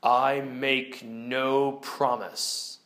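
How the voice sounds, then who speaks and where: A man voicing a huge solemn male lion, speaking slowly, low and hushed. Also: little pitch movement. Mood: grave. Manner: slow, low, hushed delivery.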